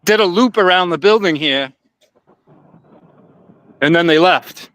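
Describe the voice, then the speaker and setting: A man's voice: high-pitched, measured pace, heavy background noise. A man chatting casually on a live stream from outside a courthouse, speculating with trailing asides. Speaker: on-site reporter at courthouse.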